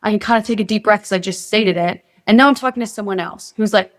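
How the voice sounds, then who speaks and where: A woman's voice: medium pitch, quick pace. A young adult woman speaking as an interview guest, earnest and motivational as she lays out steps for facing fear. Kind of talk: casual interview.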